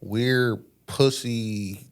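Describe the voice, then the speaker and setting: A man's voice: medium pitch, steady tone, extremely slow, clean tone. Man, laid-back, slangy, casual podcast chat. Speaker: podcast co-host. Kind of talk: casual album review chat.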